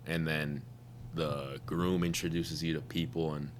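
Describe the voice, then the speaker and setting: A man co-hosting a podcast in relaxed casual chat, laughing and mimicking people as he talks. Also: very deep voice, unhurried, a little hiss or hum. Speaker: podcast co-host.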